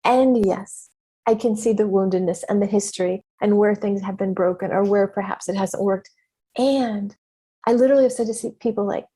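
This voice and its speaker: Husky-voiced woman podcaster, animated storyteller. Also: medium pitch, normal speed. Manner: animated storytelling with laughs and exclamations. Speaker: podcast host and business mentor. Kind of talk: casual solo podcast monologue.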